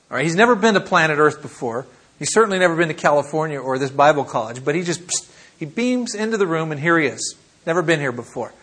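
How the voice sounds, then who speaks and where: A husky-voiced American man teaches a class, his voice sitting slightly high for a man. He talks in a playful, animated way, acting out little scenes to make his points. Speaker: missions lecturer. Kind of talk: classroom lecture.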